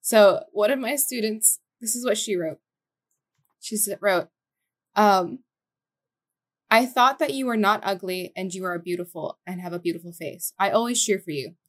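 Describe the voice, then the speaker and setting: A woman's voice: mid-range voice, moderate pace. A young woman chatting on a podcast, easygoing and giggly as she shares stories about her students. Her voice sits in a middle range for a woman. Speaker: podcast co-host, teacher abroad. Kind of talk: casual chat.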